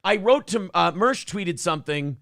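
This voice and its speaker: Animated, sarcastic male podcast co-host. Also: high voice, moderate pace, vocal fry, no room sound, clean studio sound. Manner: sarcastic, animated storytelling with mocking voices. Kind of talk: casual chat.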